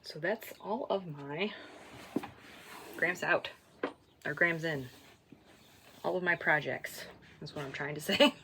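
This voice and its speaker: A woman hosting a knitting podcast, chatting casually and self-deprecatingly, often trailing off into soft asides. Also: sits low, takes it slowly, pauses often, slight background noise. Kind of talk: casual stash-tracking chat.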